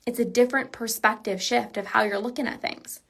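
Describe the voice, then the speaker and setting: Earnest, slightly high-voiced woman coach. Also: steady tone, brisk, gravelly, husky. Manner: earnest, emphatic, casual with many "like"s. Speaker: binge eating coach. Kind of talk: solo podcast monologue.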